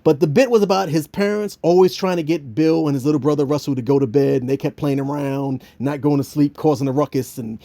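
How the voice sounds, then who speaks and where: Mellow-voiced man joking through a reflection. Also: a little high, fairly quick, hardly any pauses. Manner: animated, joking, with many restarts. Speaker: vlogger. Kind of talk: casual devotional commentary.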